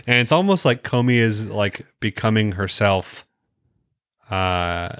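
Low-voiced man recapping episodes. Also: animated, unhurried, fairly bright tone, clean tone, dry recording, clean studio sound. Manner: storytelling recap, crude jokes, filler words. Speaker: podcast co-host recapping episodes. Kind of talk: casual chat.

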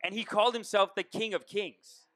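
A man's voice: high-pitched, steady tone, moderate pace, sharp tone, no echo. A man co-hosting a podcast in casual chat, joking and telling stories. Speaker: podcast co-host.

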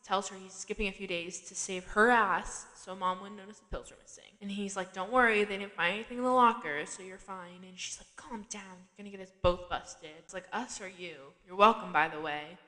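A woman podcast host recaps a TV episode in relaxed, conversational talk. Her speech is full of "like" and quick laughs. Her voice sits at a middle pitch, and a long reverb trails behind it. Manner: chatty, laughs often, frequent "like" fillers. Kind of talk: casual chat.

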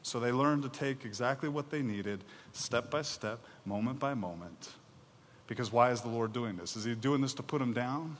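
A man preaching a sermon, reading scripture and acting out the people's complaints with animated, mock-exasperated energy. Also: mid-range voice, normal speed, in a large hall, a little hiss or hum. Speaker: pastor.

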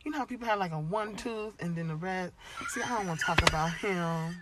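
A woman's voice: on the low side, brisk. A woman telling a story in casual chat, acting out the people in it with shifting voices. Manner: animated, acts out quotes in shifting voices.

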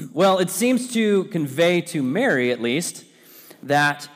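A man's voice: mid-range voice, big-room sound. A man, a pastor, giving a conversational sermon full of personal stories, with frequent fillers and restarts.

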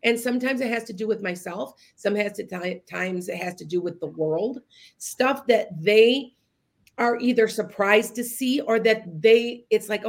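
A woman's voice: medium pitch, unhurried, gravelly. A woman hosting a podcast as a psychic medium, telling stories to her listeners in a casual, rambling way with many restarts and asides. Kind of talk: casual storytelling monologue.

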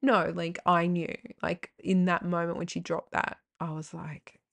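A woman hosts a candid personal podcast in a lowish, gravelly voice full of vocal fry. She rambles frankly, swears now and then, and circles back through tangents and fillers. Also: little pitch movement, moderate pace, fairly bright tone. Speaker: podcast host.

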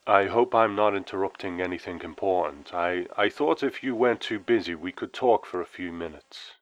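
A man voicing a warm, familiar male caller from beyond, speaking solemnly and wryly. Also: sits low, moderate pace, lightly acted, low-quality recording. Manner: solemn, wry, intones.

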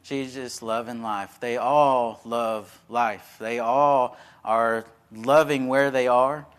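A preacher from Texas, speaking in a folksy, conversational way. His voice sits at an ordinary middle pitch. He tells stories from the pulpit as a relaxed sermon. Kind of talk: sermon with storytelling.

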